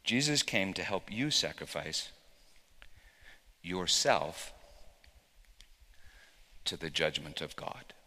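A man, a pastor, telling a story in a sermon, swinging from hushed tones to loud, impassioned passages. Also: deep voice, very animated, slow, pauses often. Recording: long hall reverb.

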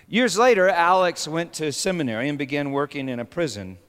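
A man preaching a sermon with dramatic swings between hushed storytelling and sudden shouts. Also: a little high, a little fast, few pauses, clean tone. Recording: long reverb of a large hall.

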